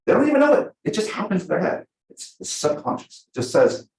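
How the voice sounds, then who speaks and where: Lively man teaching in an echoey room. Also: mid-range voice. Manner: energetic, fast, full of acted-out examples. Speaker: real estate trainer. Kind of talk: live team training class. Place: meeting room with a small audience.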